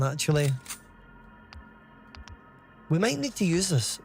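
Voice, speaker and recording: A man's voice: high voice, very animated, a little slow, gravelly, soft background music. A Scottish man in his thirties giving chatty live commentary while streaming a game, reading out chat and swearing casually. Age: 30s.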